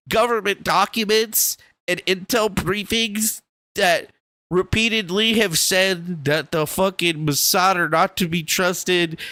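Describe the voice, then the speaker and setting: A man's voice: high-pitched, pushed and bright, no room sound. A young man hosting a livestream, ranting in a casual, profane and rambling way from a small room. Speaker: livestream host. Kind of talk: casual political rant.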